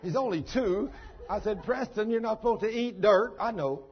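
A man's voice: high voice, normal speed. An older man, a pastor, preaching a sermon in a folksy storytelling manner. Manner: folksy storytelling, down-home phrasing. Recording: dull lo-fi sermon recording.

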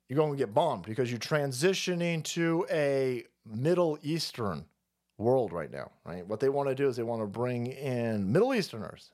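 A man hosting a livestream, ranting in a profane, mocking and abrasive way. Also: fairly high pitch. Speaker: streamer host. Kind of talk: livestream rant.

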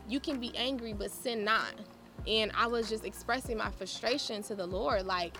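A woman hosting her own podcast tells stories in a loose, animated way. She laughs often and plays out both sides of conversations. Her bright voice sits over faint background music. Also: on the high side, brisk. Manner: animated, laughing, acts out quoted exchanges. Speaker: podcast host. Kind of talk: casual storytelling monologue.

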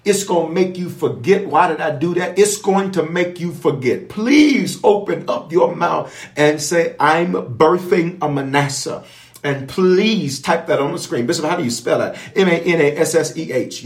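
This man's voice sits on the high side and sounds roomy. A bishop, he guides an online prayer that becomes Bible teaching, speaking straight to his online audience with forceful, repeated rhythms and prophetic pronouncements.

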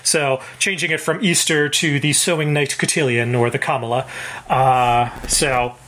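A man's voice: mid-range voice, fairly even intonation, moderate pace, fairly bright tone. A man co-hosting a podcast in casual chat, explaining at length with many restarts. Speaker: podcast co-host.

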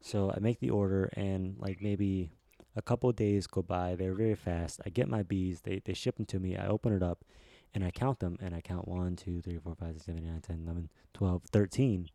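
A man's voice: low-pitched, steady tone, fairly quick, warm tone, no room sound. A man hosting a casual comedy podcast, telling a long rambling joke with lots of restarts. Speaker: podcast host.

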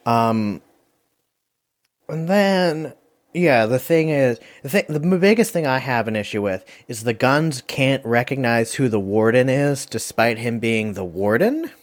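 A man with a middle-pitched voice hosts a casual movie review game. He rambles and fills his talk with "like" and "um" as he scores the guests. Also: expressive. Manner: rambling, lots of fillers and quick asides. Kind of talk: casual chat.

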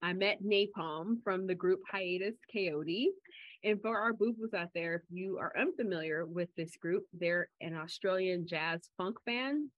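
A woman co-hosting a podcast in casual chat, telling stories in a chatty way and getting animated when she quotes people. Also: lowish voice, measured pace, no echo. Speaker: podcast co-host. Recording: slightly dull lo-fi audio.

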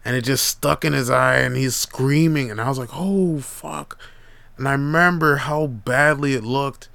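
A man's voice: medium pitch, moderate pace, vocal fry, clean tone, dry recording. A young man hosting a podcast, telling casual stories with lots of profanity and slang. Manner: profane, animated, laid-back slang. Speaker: podcast host. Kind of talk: casual storytelling monologue.

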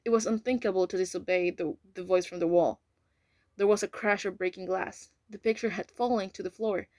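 A woman's voice: medium pitch, steady tone, a little fast, a little mellow, no echo. A woman reading an English novel aloud, carefully, with occasional slips and self-corrections. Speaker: reader. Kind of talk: amateur audiobook reading.

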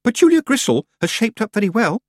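A man voicing a fussy, nosy middle-aged woman witch in a high, prim audiobook character voice. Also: very animated, brisk, no room sound, studio quality. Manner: high-pitched, prim, eager.

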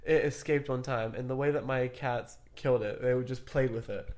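A podcast co-host telling everyday stories in a casual chat, quick to sound spooked and to swear. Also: medium pitch, steady tone, a little mellow. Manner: storytelling, easily frightened, swears.

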